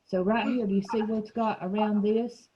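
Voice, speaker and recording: A woman's voice: mid-range voice, steady tone, normal speed, muffled recording, slight background noise. A woman teacher leading a small reading group over a video call, asking questions and explaining words patiently.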